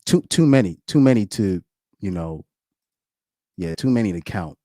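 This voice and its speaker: A man's voice: fairly low pitch, animated, moderate pace, dark tone, dry recording, clean studio sound. A man doing casual live-stream commentary, rambling and repeating words, often breaking into laughs.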